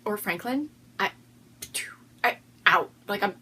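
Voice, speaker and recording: A woman's voice: medium pitch, expressive, slow pace, sharp tone, husky. A woman hosting a casual video podcast, chatting in a bubbly way and often breaking into laughter. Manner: giggly, bubbly, prone to fits of laughter. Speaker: podcast host.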